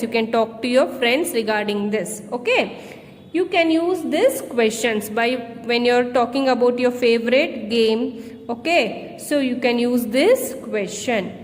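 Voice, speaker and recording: A woman with an Indian English accent teaching young children, slowly spelling out words letter by letter. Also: fairly high pitch, long reverb tail. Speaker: primary school teacher. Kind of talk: slow classroom lesson.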